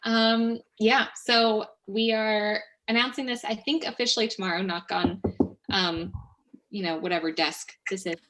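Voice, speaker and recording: A woman's voice: medium pitch, fairly even intonation, unhurried, fairly bright tone. Chatty enthusiastic woman co-host. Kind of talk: casual announcement.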